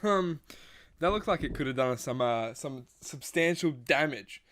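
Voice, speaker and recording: A man's voice: medium pitch, a little slow, a little hiss or hum. Goofy Australian man unboxing a toy. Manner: goofy, jokey, excitable. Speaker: toy collector reviewer. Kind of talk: casual unboxing chat.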